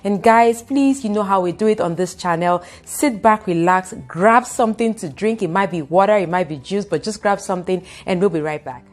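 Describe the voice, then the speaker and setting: A young Nigerian woman with a Nigerian accent, talking fast and expressively to camera in a casual vlog. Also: medium pitch, soft background music. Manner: fast-talking, expressive, acts out quoted voices. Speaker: YouTuber.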